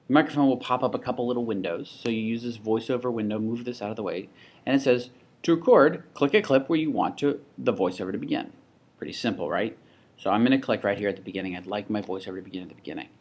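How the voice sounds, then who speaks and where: A man with a young child, teaching a software tutorial in a casual, think-aloud way, with restarts and asides. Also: medium pitch. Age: adult with a child. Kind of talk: screen-recorded tutorial.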